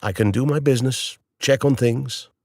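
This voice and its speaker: A man's voice: medium pitch, normal speed, darkish tone, no echo, lightly acted. A man putting on a curt Indian businessman. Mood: blunt. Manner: curt, matter-of-fact. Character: blunt Indian businessman in a suit.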